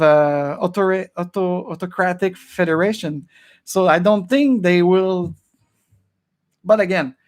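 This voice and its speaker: Over a video call, a podcast host with a high voice chats casually with a group. A native French speaker, he's animated, chuckling, and drops in French phrases.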